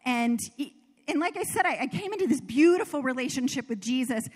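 A woman from the American South gives a sermon, weaving earnest personal stories and laughing at herself now and then. Her voice sits high. It rings out with a long reverb, as in a large hall. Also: animated, fairly quick, darkish tone. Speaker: preacher.

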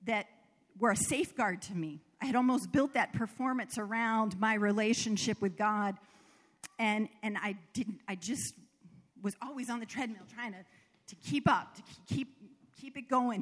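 A woman from the American South gives a sermon, weaving earnest personal stories and laughing at herself now and then. Her voice sits high. It rings out with a long reverb, as in a large hall. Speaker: preacher.

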